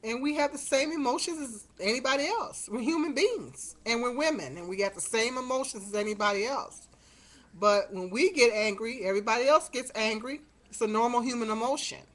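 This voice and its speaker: Speaking a little fast in a fairly high voice, a middle-aged vlogger tells a rambling story straight to her webcam. She's exasperated and full of fillers, and the casual monologue is recorded on the webcam mic.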